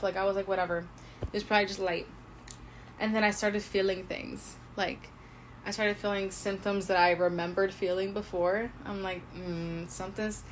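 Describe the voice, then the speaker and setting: A woman's voice: mid-range voice, slight background noise. A young woman in her twenties co-hosting a podcast, telling a personal story in a casual, chatty way, full of "like" and quoted thoughts. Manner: chatty, heavy use of "like", animated retelling with quoted inner thoughts. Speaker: podcast co-host.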